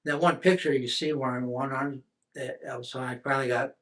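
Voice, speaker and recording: An older American man talks through his war memories in an oral history interview. His pitch sits in the middle range, and he rambles, circling back and restarting thoughts as he goes. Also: fairly even intonation, a little fast, a bit bright. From United States. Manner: rambling storytelling with many restarts and fillers. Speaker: veteran interviewee.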